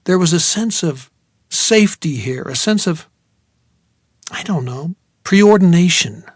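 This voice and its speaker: A man narrates a first-person novel in a wry, reflective way. His voice sits a little on the high side. The read is dry and close to the mic. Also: expressive, a little slow, slightly rough, dry recording. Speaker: audiobook narrator.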